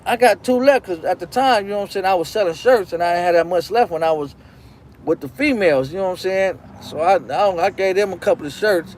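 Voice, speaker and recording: A man's voice: high-pitched, quick pace, a little mellow, slight background noise. A man hosting his own show, telling a rambling, profane personal story in a casual, repetitive way. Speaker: show host.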